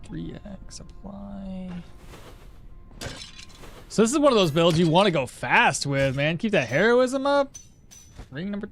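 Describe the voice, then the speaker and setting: A man streaming a game, chatting casually and excitably, swearing now and then. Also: high-pitched, a little slow, vocal fry, long pauses, slight background noise. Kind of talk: casual gameplay commentary.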